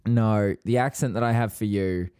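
A man's voice: on the low side, fairly even intonation, normal speed, dark tone, clear, resonant tone, no room sound. A man co-hosting a casual podcast, teasing and playful in banter. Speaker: podcast co-host.

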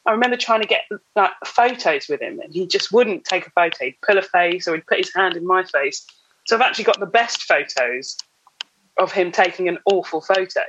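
A woman, a guest actress on a casual podcast, telling stories with lively laughter. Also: fairly low pitch, brisk, highs cut off, a little hiss or hum. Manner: animated storyteller, laughs often.

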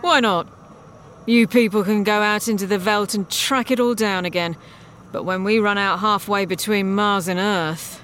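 A gruff male starship captain, as a woman reads him aloud cuts in with blunt, commanding lines. He sounds impatient and bossy. The voice is mid-pitched. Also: steady tone, normal speed, fairly bright tone, slight background noise, close to an everyday voice. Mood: brusque. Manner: brusque, commanding.

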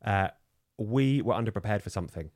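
A man in his thirties co-hosting a casual chat, telling animated stories and acting out what people said. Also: lowish voice, a little fast, no room sound, clean studio sound. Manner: animated storyteller, acts out quoted voices. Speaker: podcast co-host.

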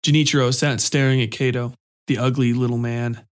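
A man reading a story aloud in a steady, even narration. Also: mid-range voice, fairly quick, clean tone.

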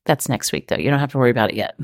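A woman's voice: a bass voice, rapid-fire, no room sound, clean studio sound. A woman co-hosting a casual podcast chat, with playful, insistent banter. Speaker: podcast co-host.

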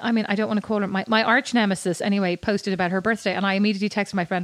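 A woman co-hosting a podcast, chatting in an animated way with many restarts. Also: mid-range voice, very fast, few pauses, dry recording. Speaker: podcast co-host. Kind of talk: casual chat.

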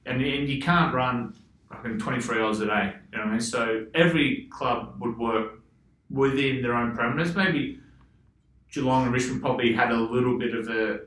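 A former footballer with an Australian accent is a podcast guest, speaking at medium pitch and normal speed in a somewhat bright voice. The poor audio has an echoey room, and he tells loose, rambling stories in casual chat, swearing freely and laughing often.

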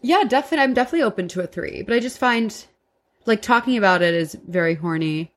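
A woman's voice: mid-range voice, animated, fast. Woman, podcast guest, candid, chatty storyteller. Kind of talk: casual chat.

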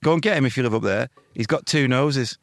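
A young man rattles through stories at a brisk clip, swearing freely and slipping into voices of the people he describes. He sounds close to the mic in a dry, dead room. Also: medium pitch, no echo. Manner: swearing, laughing storyteller who mimics other people. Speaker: podcast co-host. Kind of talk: casual banter telling anecdotes. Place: home studio.

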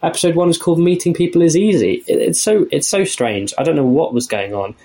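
A man's voice: fairly high pitch, a little fast, mellow. Wry young man with faint northern accent. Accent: slight northern English. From north of England. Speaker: podcast co-host. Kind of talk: casual chat.

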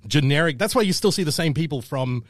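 A man telling stories in a loose, profanity-heavy chat. His pitch sits a little high and jumps around a lot as he acts out quotes. The sound is dry and close. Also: lively intonation, fast talker, no room sound. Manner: profane storytelling with quoted voices. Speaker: podcast guest comedian. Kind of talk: casual chat.

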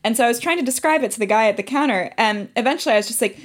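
A woman with a fairly high voice chats on a podcast as a co-host. She explains her points in an easy, conversational way. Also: racing. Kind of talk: casual chat.

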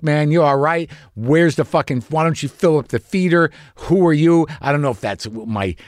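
A male podcast host with a fairly high voice, cursing freely as he rambles through a story. He keeps second-guessing himself. The sound is dry and close. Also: no echo. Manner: profane, rambling, self-questioning. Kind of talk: storytelling monologue.

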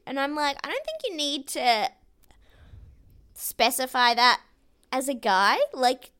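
A woman's voice: high voice, expressive, unhurried, fairly bright tone. A woman casually recapping a reality show as a podcast co-host. She laughs often and acts out what people said.

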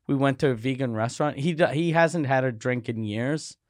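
A man co-hosting a podcast, telling profane stories in relaxed, casual banter. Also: mid-range voice, a little fast, no room sound, clean studio sound. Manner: laid-back, profane storytelling. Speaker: podcast co-host. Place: studio with microphones.

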